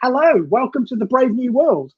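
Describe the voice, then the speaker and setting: A man's voice: very high voice, expressive, moderate pace, husky, no room sound, lo-fi sound. A man co-hosting a football fan live stream, chatting casually and joking around, throwing in slang. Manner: chatty, jokey, drops in slang.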